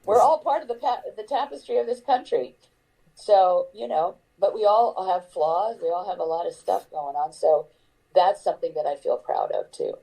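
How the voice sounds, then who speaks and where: A low-pitched older woman with a deeply mellow, dark voice talks earnestly in an interview. She reflects candidly on her career and often pauses with fillers and restarts her thoughts. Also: creaky, low-quality recording. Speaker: actor and interview guest.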